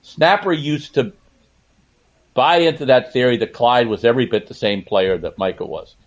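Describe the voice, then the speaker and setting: A man's voice: mid-range voice, moderate pace. An older man, a sportswriter guest on a podcast, telling stories in a casual interview and laughing as he goes.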